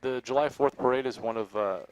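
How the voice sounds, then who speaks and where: A man's voice: medium pitch, fairly quick, a little mellow, smooth, no room sound, poor audio. A man co-hosting a live broadcast outdoors at a parade, jumping in eagerly and wrapping up the show. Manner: jumps in eagerly, wraps up the show. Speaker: co-host. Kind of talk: casual live broadcast chat.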